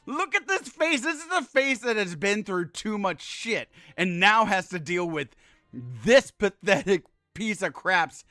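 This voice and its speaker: A man's voice: high voice, vocal fry, bright, forceful tone, no echo, clean studio sound. A man in his thirties streaming a game, talking casually, swearing freely and turning earnest when he praises others. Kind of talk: casual gameplay commentary.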